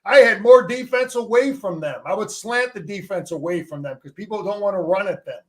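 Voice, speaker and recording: A man's voice: high voice, brisk. A middle-aged man, a former player and coach, talking football as a guest in an emphatic, salty way, often repeating words as he restarts his sentences. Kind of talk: casual sports talk.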